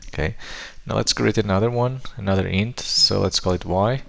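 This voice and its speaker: Low gravelly man explaining code. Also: normal speed, a bit bright. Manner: thinks aloud with frequent fillers and restarts. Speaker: programming tutor. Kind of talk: screen-recorded coding tutorial.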